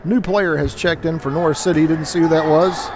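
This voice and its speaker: High-voiced man calling a basketball game. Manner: brisk, excited on scoring plays. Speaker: play-by-play announcer. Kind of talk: basketball play-by-play commentary. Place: school gym. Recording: crowd and gym noise behind.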